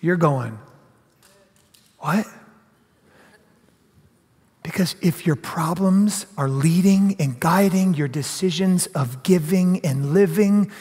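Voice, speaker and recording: A middle-aged man preaching a sermon as pastor, animated and often acting out other people's voices. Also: high-pitched, slow pace, pauses often, breathy edge, long reverb tail. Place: church sanctuary.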